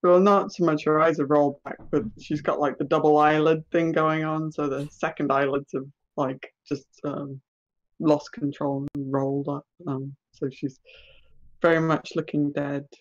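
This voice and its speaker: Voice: mid-range voice, little pitch movement, normal speed, lo-fi sound. A game master narrating a tabletop game, hesitant and full of ums and restarts.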